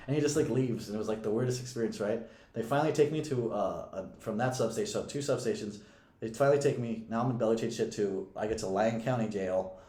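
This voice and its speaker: A man's voice: medium pitch, warm tone. A young man and podcast co-host casually telling a story, profane and often laughing. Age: young adult. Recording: echoey room.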